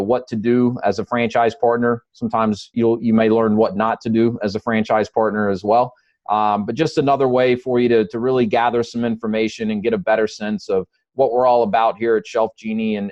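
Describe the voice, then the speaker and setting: A man's voice: medium pitch, darkish tone, no echo, dull audio. A man with a Southern accent hosting a business webinar, talking in a friendly, loose way with many ums and uhs. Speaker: webinar host.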